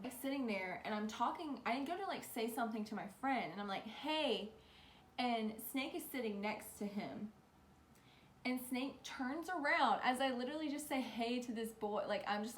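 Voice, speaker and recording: A young woman telling a rambling storytime, animated and full of "like". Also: on the high side, normal speed, slight background noise. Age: young adult. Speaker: vlogger. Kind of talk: casual storytime. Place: bedroom. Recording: echoey room with faint ambience.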